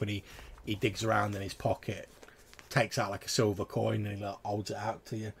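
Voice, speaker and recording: A man runs a tabletop game, narrating in rambling, filler-heavy descriptions. His voice sits on the low side, gravelly with a husky, slightly raspy grain. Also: flat delivery, brisk. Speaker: game master.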